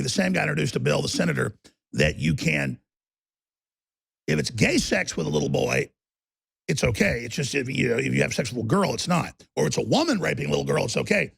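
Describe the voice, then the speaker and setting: A man's voice: on the high side, animated, brisk, gravelly, husky. A man hosting a talk show, delivering a heated, combative monologue in a mocking tone.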